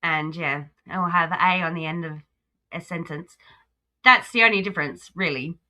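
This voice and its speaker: Bright-voiced Australian woman streamer. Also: fairly low pitch, moderate pace. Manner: chatty, talks back at the clip. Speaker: livestream host. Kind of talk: casual reaction commentary.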